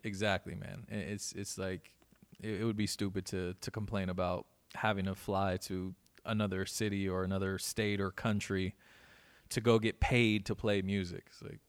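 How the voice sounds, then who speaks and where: A man's voice: low-pitched, flat delivery, moderate pace, clean tone. A man in his thirties, a guest DJ chatting casually on a podcast, laid-back and swearing, with lots of restarts.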